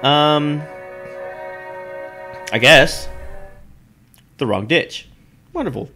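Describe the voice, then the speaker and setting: A man's voice: fairly high pitch, extremely slow, sharp tone, faint music behind. A man playing a game, chatting casually, reading the on-screen text aloud and swearing now and then while joking about himself. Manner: self-deprecating, chatty. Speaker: let's play host. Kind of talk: casual gameplay commentary.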